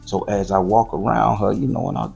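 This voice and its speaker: Gravelly low-voiced Southern man telling a story. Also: a little fast, soft background music. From southern Florida. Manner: loose, profane and animated, with slangy repetition. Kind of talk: casual profane storytelling.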